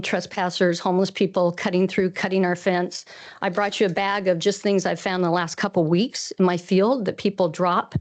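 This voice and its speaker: A woman's voice: mid-range voice, a little mellow. A woman farmer from Washington State giving public comment at a council meeting, earnest and rambling, audibly emotional. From Washington State, USA. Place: council chamber.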